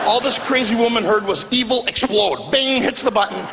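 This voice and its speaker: Gravelly high-voiced man doing stand-up. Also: quick pace, hardly any pauses, noisy background. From Greek background. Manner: animated storytelling, acts out characters. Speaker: stand-up comedian. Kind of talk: stand-up comedy set. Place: comedy club stage, live audience. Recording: live venue with long reverb.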